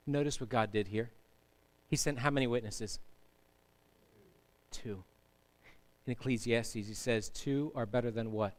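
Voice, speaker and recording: Speaking at a measured pace and pausing often, a man with a medium-pitched voice preaches as pastor. His sermon in the church sanctuary is emphatic, and he asks the congregation to respond.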